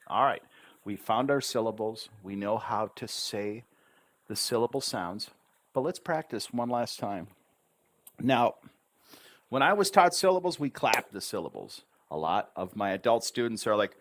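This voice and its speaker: A man teaching English pronunciation on a livestream, stretching out syllables slowly and emphatically as he coaches learners. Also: lowish voice, big pitch swings, no room sound. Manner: slow, emphatic, drawn-out syllables. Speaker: English tutor. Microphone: livestream webcam mic.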